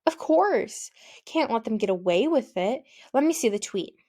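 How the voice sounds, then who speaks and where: Woman doing an eager, outspoken teenage girl. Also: fairly high pitch. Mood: indignant, eager. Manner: lively, quick to outrage.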